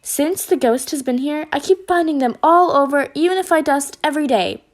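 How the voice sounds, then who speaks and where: Fretful lady mouse housekeeper, stammering and weepy, read by a woman, bright high voice. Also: fairly quick, natural voice. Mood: upset. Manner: sobbing, stammering.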